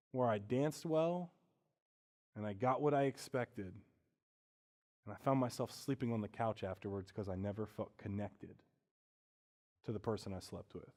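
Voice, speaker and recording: A pastor preaching a sermon, earnest and candid, moving from quiet reflection to loud, animated stretches. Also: male voice, mid-range voice, measured pace, pauses often.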